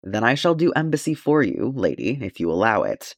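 A man's voice: medium pitch, big pitch swings, brisk, dry recording, studio quality. A man reading the part of a courteous, stalwart male dwarf warrior in an audiobook, in formal, gallant speech.

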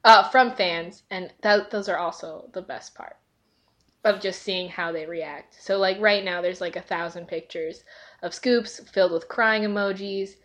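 A woman's voice: medium pitch, fairly even intonation, unhurried, fairly bright tone, lo-fi sound. A woman co-hosting a podcast in casual chat, talkative and giggly, with lots of fillers. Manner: chatty and giggly, with many fillers. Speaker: podcast co-host.

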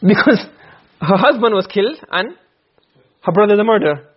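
A man teaching Arabic grammar to a class, asking questions and answering them himself, and reciting verses slowly. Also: high voice, lively intonation, breathy edge, muffled recording. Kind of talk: classroom lecture.

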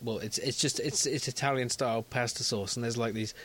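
A man co-hosting a podcast, arguing his point in casual chat and laughing easily. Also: mid-range voice. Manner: animated, argumentative, quick to laugh. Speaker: podcast co-host.

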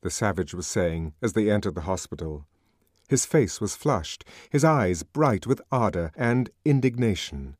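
A man reading a novel aloud as an audiobook narrator, with dramatic, expressive delivery. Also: fairly low pitch, measured pace, no room sound, studio quality. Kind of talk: scripted narration.

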